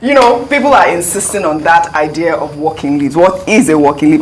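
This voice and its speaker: A woman's voice: low voice, fairly quick. A woman hosting a TV discussion, asking pointed, wry questions. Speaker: TV host. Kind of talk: TV talk-show discussion.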